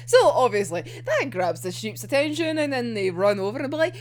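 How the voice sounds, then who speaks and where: A woman's voice: a little high, very animated, brisk, hardly any pauses. A young woman reacting to a manga chapter, gushing, giggling often, swearing freely and saying "like" constantly. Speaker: manga reviewer.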